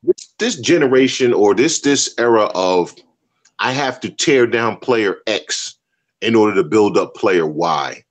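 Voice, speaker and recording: A man's voice: fairly low pitch, animated, a little slow. Guy co-hosting a sports talk show, punchy and slangy, hammers his point over and over. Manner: emphatic, slangy, repeats points for effect. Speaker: podcast co-host.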